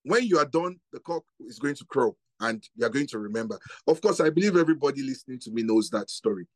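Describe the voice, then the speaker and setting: A man's voice: medium pitch, lively intonation, fast, no echo. A middle-aged man preaching a sermon as guest pastor, with emphatic delivery and rhetorical questions that repeat.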